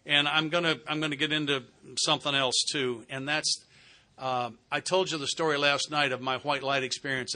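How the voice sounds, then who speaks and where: A man's voice: medium pitch, bright, forceful tone. A middle-aged man speaking at a recovery retreat, earnest and heartfelt, sharing his own story with wry humor. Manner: plain-spoken with wry humor. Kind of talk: personal sharing talk. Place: retreat center meeting hall.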